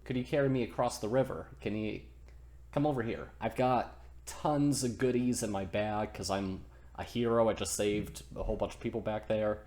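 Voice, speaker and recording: A man's voice: lowish voice, fairly even intonation, moderate pace, darkish tone, lightly acted. A man voicing a boastful, easily offended male thunder god who brags about his deeds. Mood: bragging. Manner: bragging, indignant.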